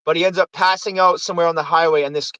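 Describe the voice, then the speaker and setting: High-voiced man rambling through a movie review. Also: fairly even intonation, very fast, sharp tone, no room sound, low-quality recording. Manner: rambling, acts out movie quotes. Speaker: host.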